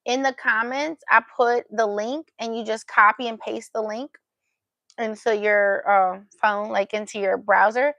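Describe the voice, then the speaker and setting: A woman's voice: a little high, steady tone, unhurried, a bit bright, dry recording. A woman hosting a casual livestream, chatting to viewers and cooing playfully at her pet between remarks. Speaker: livestream host.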